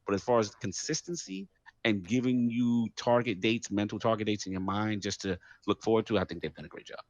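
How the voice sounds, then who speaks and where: A man co-hosting a casual gaming podcast with a low voice and an enthusiastic, rhythmic delivery built on repeated punchy phrases. The sound is dull and lo-fi, and the mic is very dry and close. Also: brisk, dry recording. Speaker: podcast co-host. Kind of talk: casual chat.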